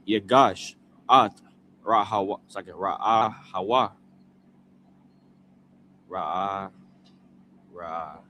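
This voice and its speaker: A man reading scripture aloud slowly, sounding out each word in pieces and repeating after a prompter. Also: sits low, sharp tone, slight background noise. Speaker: scripture reader.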